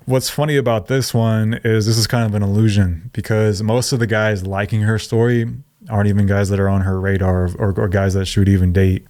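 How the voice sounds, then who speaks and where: A man's voice: fairly low pitch, darkish tone. A man hosting a reaction video, giving blunt, mocking commentary and laughing often. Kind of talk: casual commentary.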